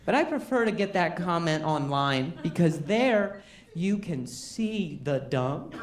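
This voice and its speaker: A man's voice: a little high, very animated, slow, roomy sound, noisy background. Stuttering man doing stand-up. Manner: self-deprecating, wry storytelling with comic outbursts. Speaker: stand-up comedian. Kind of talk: stand-up comedy set. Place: comedy club stage.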